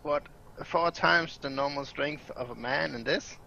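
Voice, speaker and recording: Gravelly man on a dull dry mic. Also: a little high, measured pace, pushed and bright. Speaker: player. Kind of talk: casual tabletop play.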